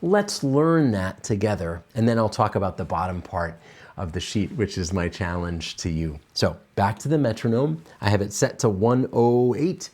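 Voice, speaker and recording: A man with a fairly low voice gives a piano lesson on video. He sounds enthusiastic and encouraging, and he pauses on fillers and restarts as he explains musical ideas. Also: darkish tone. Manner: enthusiastic, encouraging, counts and scats rhythms aloud. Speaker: piano teacher.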